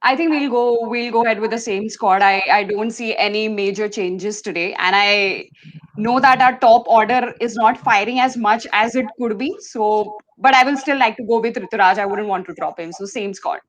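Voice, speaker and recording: A woman speaking as a fan guest on a live show over a video call, chatty and quick to laugh. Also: medium pitch. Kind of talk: casual chat.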